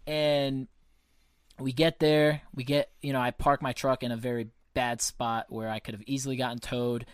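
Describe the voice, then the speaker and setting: A man hosts a podcast from home, telling stories in casual chat, swearing freely and animatedly acting out the people he quotes. His medium-pitched voice is clear and resonant at normal speed, recorded dry with clean studio sound.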